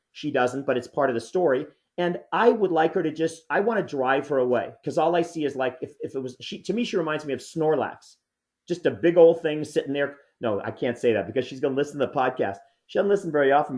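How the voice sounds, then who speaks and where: A man's voice: fairly high pitch, a little mellow. Exasperated man in his sixties ranting. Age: 60s. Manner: exasperated, rambling, mock-angry. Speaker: podcast co-host. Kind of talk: comedic rant.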